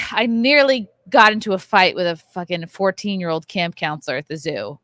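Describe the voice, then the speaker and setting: A woman's voice: lowish voice, normal speed, fairly bright tone, dry recording, studio quality. A woman in her thirties hosting a podcast from a hotel bar, telling a story in a loose, profane, ranting way. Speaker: podcast host. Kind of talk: casual chat.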